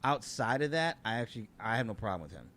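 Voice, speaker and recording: A man's voice: on the low side, very animated, fast, fairly bright tone, slight background noise. A middle-aged man, a guest comedian, telling rambling and profane anecdotes in a casual podcast chat.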